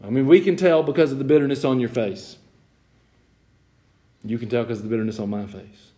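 A man preaching a sermon. He has sinus trouble that makes his voice squeak and creak, and he moves from relaxed folksy storytelling into loud, high emphatic preaching. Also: fairly quick, long pauses.

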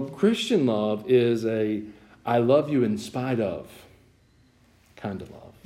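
A man preaching a sermon. He has sinus trouble that makes his voice squeak and creak, and he moves from relaxed folksy storytelling into loud, high emphatic preaching.

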